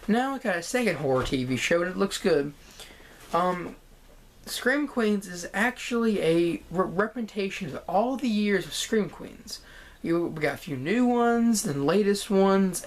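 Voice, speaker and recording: A woman vlogging a casual, excited TV show review, rambling and repeating herself. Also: fairly low pitch, a little hiss or hum. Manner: enthusiastic, rambling, repeats "guys" and "freaking".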